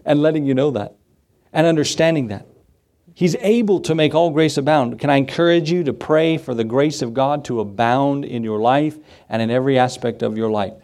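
A man preaching from the pulpit in a conversational way, with light humor mixed in. His voice sits at an ordinary pitch for a man. He repeats his key lines so they land with the congregation. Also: moderate pace, darkish tone. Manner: repeats key phrases for emphasis. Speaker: pastor. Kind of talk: sermon.

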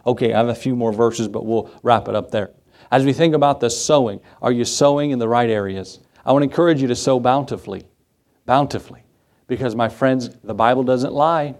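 A man preaching from the pulpit in a conversational way, with light humor mixed in. His voice sits at an ordinary pitch for a man. He repeats his key lines so they land with the congregation. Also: a little fast, a little mellow. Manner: repeats key phrases for emphasis. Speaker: pastor. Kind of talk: sermon.

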